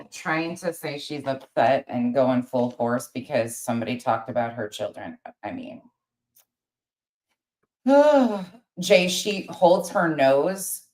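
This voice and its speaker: A woman's voice: low-pitched, darkish tone, roomy sound, poor audio. A woman giving sarcastic, scolding commentary over another creator's livestream. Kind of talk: critical commentary over a stream.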